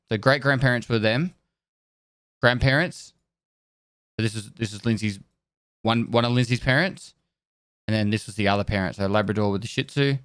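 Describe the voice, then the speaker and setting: A man talking loosely to his stream audience at a middle pitch. He rambles, restarts words and laughs at himself. The sound is close and dry, with no room around it. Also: clear, resonant tone, no echo. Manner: rambling, stumbling over words, laughing and swearing. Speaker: livestreamer. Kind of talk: casual chat with chat.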